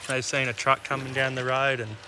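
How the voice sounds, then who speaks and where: A man's voice: medium pitch, little pitch movement, brisk, sharp tone, a little hiss or hum. An Australian man co-hosting a fishing podcast, chatting in an easygoing, matey way. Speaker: podcast co-host. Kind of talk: casual chat.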